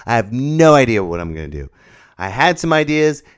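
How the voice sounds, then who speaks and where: A man's voice: mid-range voice, very animated, a little fast, smooth. A man, a stand-up comedian, hosting his own podcast in a playful, rambling, self-mocking way into a new microphone that pops on p sounds. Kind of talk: casual solo podcast monologue. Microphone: new podcast microphone with popping p sounds.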